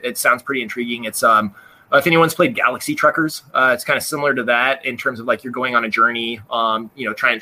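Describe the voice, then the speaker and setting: Bright-voiced, earnest male game designer. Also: medium pitch. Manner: earnest, thoughtful, many ums. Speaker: game designer, interview guest. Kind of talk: casual interview chat.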